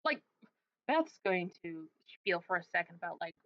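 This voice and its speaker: A woman's voice: fairly low pitch, very animated, normal speed, no room sound. A woman hosting a casual chat, speaking in a laid-back, playful way with frequent fillers. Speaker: podcast host. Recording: dull, slightly muffled sound.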